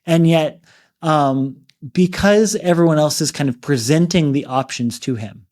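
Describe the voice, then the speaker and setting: A man's voice: fairly high pitch, measured pace, a little mellow. A man co-hosting a book podcast, retelling a story in a loose, chatty way full of "like" and "you know". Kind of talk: casual book discussion.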